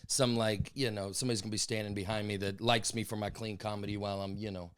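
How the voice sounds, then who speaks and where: Smooth-voiced male comedian guest. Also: fairly low pitch, flat delivery, quick pace. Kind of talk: casual chat.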